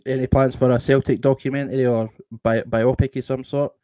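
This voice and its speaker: A man's voice: medium pitch, flat delivery, dark tone, no echo, studio quality. A man hosting a podcast, asking casual questions that stop and restart. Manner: halting, restarts his questions. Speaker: podcast host.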